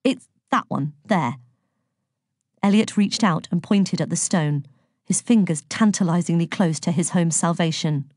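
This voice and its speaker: A woman's voice: on the low side, normal speed, dark tone, dry recording, studio quality. A woman narrating a children's storybook aloud, reading expressively and giving each character a voice. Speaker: audiobook narrator.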